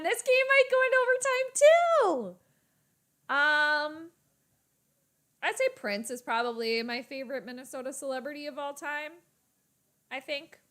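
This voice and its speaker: A young adult woman hosting a casual live reaction stream, chatting with viewers, reading their comments aloud and breaking into bursts of excitement at the game. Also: on the high side.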